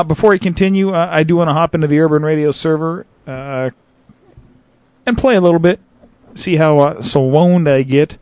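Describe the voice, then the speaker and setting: A man's voice: on the high side, darkish tone, a little hiss or hum. A man hosting a casual internet radio show from his apartment, joking and rambling with many fillers while he plays a shooter and calls the action. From Southern California. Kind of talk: casual live commentary while playing.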